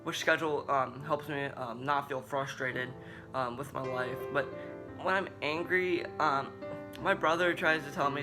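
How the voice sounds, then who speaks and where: A young man talking casually to camera as a vlogger, halting with many fillers and restarts. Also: on the high side. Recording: guitar music in background.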